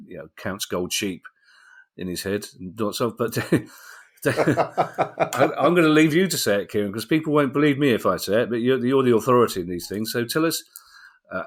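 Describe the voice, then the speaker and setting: A man hosting a podcast, introducing stories in a casual, jokey way and handing questions to his co-host. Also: fairly low pitch. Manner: jokey, laughs while presenting stories.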